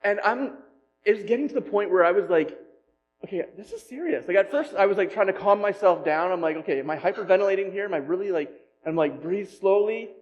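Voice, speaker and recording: A man's voice: sits high, fast talker, lo-fi sound, slight background noise. Man preaching a funny personal story. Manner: storytelling, self-deprecating humor, animated retelling. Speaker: pastor.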